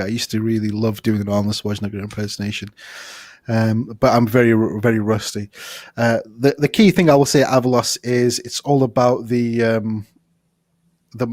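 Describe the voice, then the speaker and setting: A man co-hosting a casual advice podcast in a studio, giving joking, deadpan advice. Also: medium pitch, no room sound. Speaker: podcast co-host.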